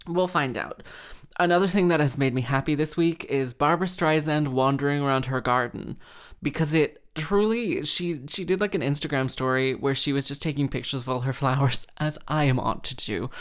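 A woman hosting a podcast, rambling and gushing in a casual monologue full of fillers and sarcastic self-mockery. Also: low-pitched.

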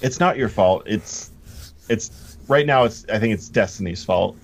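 A man's voice: fairly low pitch, animated, a little slow, creaky. A man co-hosting a casual podcast, rambling and self-deprecating with many fillers. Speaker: podcast co-host. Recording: dull lo-fi mic with faint noise.

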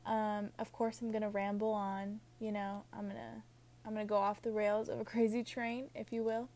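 A woman's voice: medium pitch, flat delivery, normal speed, mellow. A young woman hosting a casual podcast, rambling with a Valley-girl sound, saying "like" and "literally" all the time and laughing at her own jokes. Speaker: podcast host.

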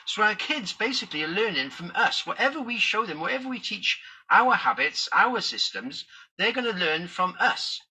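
A man vlogging in a casual, rambling way, working through an idea out loud as he talks to his viewers. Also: high-pitched, sing-song, moderate pace, breathy edge, low-quality recording. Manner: rambling, thinking aloud. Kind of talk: casual talk to camera.

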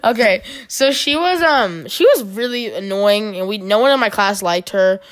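A woman's voice: mid-range voice, moderate pace. A teenage girl telling school stories in casual chat, rambling and giggling. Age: teens. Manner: rambling, giggly, restarts a lot.

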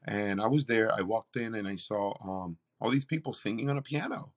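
A man's voice: lowish voice, fairly quick. A man, a campus pastor, telling a faith story in an interview with an earnest, preacherly delivery. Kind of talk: interview testimony.

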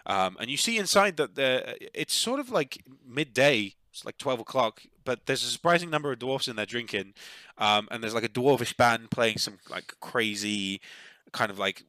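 A man's voice: mid-range voice, lively intonation, normal speed, sharp tone, no echo. A man narrating a tabletop game as game master, rambling with lots of fillers. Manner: rambling, full of fillers like "like" and "you know".

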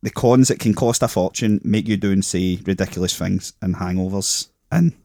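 A man's voice: low voice, normal speed, warm tone, dry recording, studio quality. A man hosting a podcast, asking questions in sweary, matey banter. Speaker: podcast host. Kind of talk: casual chat.

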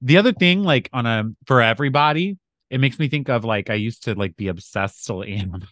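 A man's voice: mid-range voice, animated, a little fast, a bit bright, dry recording, clean studio sound. A man, an astrologer guest, telling a story in casual podcast chat, rambling and full of fillers.

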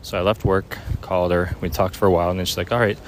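A young man telling a personal story casually, halting with many fillers. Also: low voice, steady tone, a little hiss or hum, poor audio. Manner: halting, many ums and likes. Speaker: vlogger.

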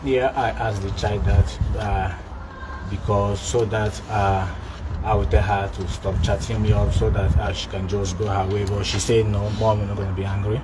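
A man's voice: lowish voice, flat delivery, a little slow, background noise. A man with a Nigerian accent, stammering and apologetic while being confronted outdoors. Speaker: accused man.

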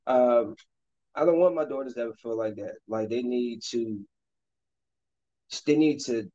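A man in his thirties chatting casually while he plays a basketball video game, rambling and then breaking into sudden loud outbursts at the game. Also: mid-range voice, unhurried, muffled recording. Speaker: streamer and father.

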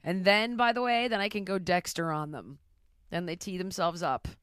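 Woman, blunt and profane, animated storytelling, casual interview, dry close sound. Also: lowish voice, normal speed, clean tone, no echo. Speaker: podcast host answering rapid questions.

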